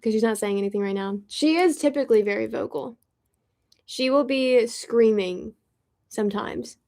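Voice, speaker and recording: Casual drummer host, woman from Florida, a touch high-pitched, loose and talkative. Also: normal speed, gravelly, darkish tone. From Pensacola, Florida, US. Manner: chatty, rambling storyteller. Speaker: drummer and host of a music channel. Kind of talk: casual chat while tuning drums.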